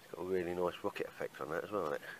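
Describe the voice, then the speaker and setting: Male bushcraft vlogger, low-pitched, casual and jokey, outdoors in the woods. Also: rapid-fire, a little hiss or hum, rough recording. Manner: chatty, laughs often, calls everyone mate. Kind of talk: casual outdoor chat to camera. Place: outdoor woodland camp in rain.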